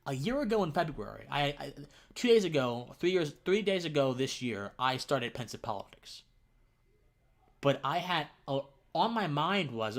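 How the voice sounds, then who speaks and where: Earnest young man, halting and emotional. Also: on the high side, very animated. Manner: earnest, halting, repeats words, drops to near-whispers. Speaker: political podcaster and streamer. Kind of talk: emotional live-stream monologue.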